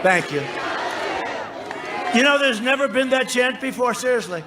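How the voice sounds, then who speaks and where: A man in his seventies giving a rambling, repetitive, boastful campaign rally speech into a podium microphone, often shouting to the crowd. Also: very high-pitched, expressive, moderate pace. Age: 70s. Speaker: politician addressing a rally. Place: large rally venue. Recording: noisy live rally sound.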